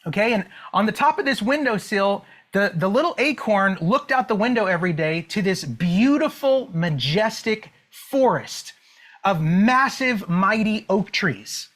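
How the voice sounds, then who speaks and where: A man's voice: high voice, expressive, unhurried, fairly bright tone. A man coaching an online audience, telling a motivational story. He checks in often with "okay?" and "right?" and draws out key words for emphasis.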